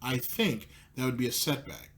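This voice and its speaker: A commentary show host mocks and needles his subject with plenty of profanity in this sarcastic commentary. His mid-range voice is very animated, creaky and a bit bright, moving at a moderate pace.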